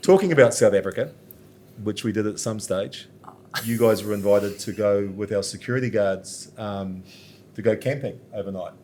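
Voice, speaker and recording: Kiwi podcast host steering the chat. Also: male voice, on the low side, normal speed, mellow, slight background noise. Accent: New Zealand. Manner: practical, runs the segments. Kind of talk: casual studio chat. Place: studio.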